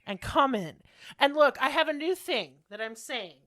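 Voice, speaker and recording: A woman co-hosting a podcast in loose, casual chat. She talks in a sassy, profane, self-mocking way. Her voice sits a little high. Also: lively intonation, normal speed, fairly bright tone, no room sound, clean studio sound. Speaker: podcast co-host.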